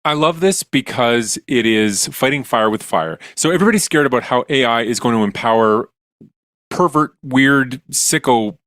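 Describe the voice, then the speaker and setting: A man's voice: mid-range voice, animated, normal speed, fairly bright tone, no echo. Enthusiastic male science explainer, dry mic. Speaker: science educator guest. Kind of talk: casual chat.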